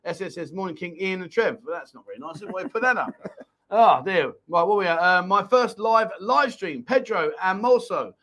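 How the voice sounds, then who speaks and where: A man's voice: high-pitched, expressive, bright, forceful tone. A man hosting a live chat show, reading out viewer comments with teasing, jokey banter. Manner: jokey, teasing, quick laughs. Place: Pattaya, Thailand.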